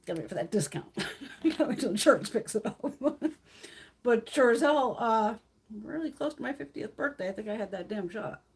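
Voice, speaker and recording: A woman's voice: fairly high pitch, normal speed, slightly rough. A woman in her fifties hosting a casual beauty livestream, ranting bluntly and profanely and acting out other people's lines. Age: 50s. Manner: acts out others' lines in quoted voices.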